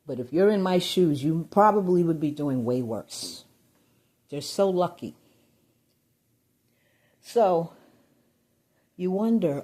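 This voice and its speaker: Low, husky-voiced agitated woman vlogger. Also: animated, a little slow, pauses often. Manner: agitated, rambling, swings loud and high when riled. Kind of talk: venting personal vlog.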